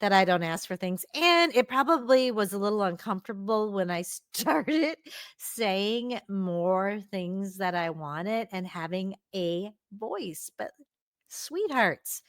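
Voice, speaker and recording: A woman's voice: medium pitch, animated, slow, smooth, no echo. A middle-aged woman hosting a solo podcast, talking earnestly and encouragingly to her listeners in a close, reflective way. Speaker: podcast host.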